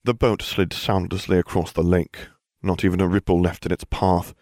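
A man narrating a story in the first person as a smug, scheming teenage wizard, with a wry, deadpan delivery. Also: sits low, normal speed, dry recording, clean studio sound. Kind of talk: fan fiction audiobook reading.

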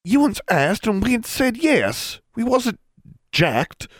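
A man's voice: sing-song, breathy edge, dry recording, studio quality, exaggerated voice. A man voicing a prim, easily offended old-fashioned girl with rustic grammar. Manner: rustic grammar, slow and high.

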